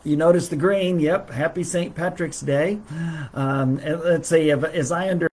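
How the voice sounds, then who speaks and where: A middle-aged man teaching a livestreamed Bible lesson as a preacher, halting often with fillers and restarts. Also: on the high side, darkish tone.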